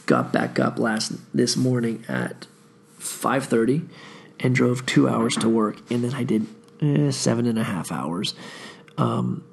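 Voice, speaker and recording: A man's voice: mid-range voice, big pitch swings, unhurried, creaky, husky. A tired man hosting a podcast, telling a long story in a laid-back, profane, rambling way. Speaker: podcast host. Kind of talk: casual rambling monologue.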